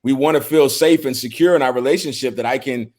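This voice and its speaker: A middle-aged man speaking on a podcast in an earnest, heartfelt way. His voice sits at an ordinary pitch, and he often repeats his first words before settling into a thought. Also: fast talker, darkish tone. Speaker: podcast co-host. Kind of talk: casual discussion.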